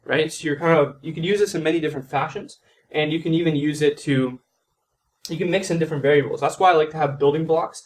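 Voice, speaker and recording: A man's voice: a little high, fairly even intonation, quick pace. A man coaching on sales in a loose, conversational way, acting out both sides of a sales call as he explains. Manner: loose and conversational, lots of "man" and "like", role-plays sales calls. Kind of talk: casual teaching monologue.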